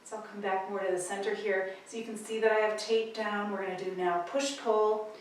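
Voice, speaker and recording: A woman leading a tai chi practice, cueing movements calmly and gently with pauses between steps. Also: mid-range voice, recorded from a distance, slight background noise. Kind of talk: guided movement instruction. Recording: echoey room, voice from off-mic.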